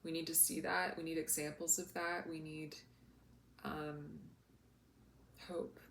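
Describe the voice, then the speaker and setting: A woman with a low, gravelly voice shares earnest reflections in a casual vlog, searching for words with plenty of "like" fillers. Her voice carries a roomy echo and a faint hiss of background noise. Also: flat delivery, slow pace, fairly bright tone. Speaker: spiritual energy coach. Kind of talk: casual heartfelt vlog talk. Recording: echoey room with faint noise.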